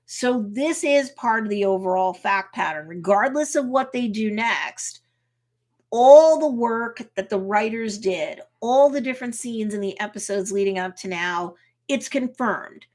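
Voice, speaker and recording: Speaking unhurriedly with lively intonation, a woman attorney talks through a TV episode in a chatty way, recounting scenes as she reacts. She keeps tagging lines with "like" and "right?" Her voice is medium in pitch and a little mellow.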